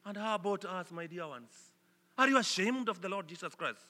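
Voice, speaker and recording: A man from Kenya preaching a sermon, swinging between loud emphatic declarations and soft, earnest appeals. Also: sits high, lively intonation, a little fast. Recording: long hall reverb.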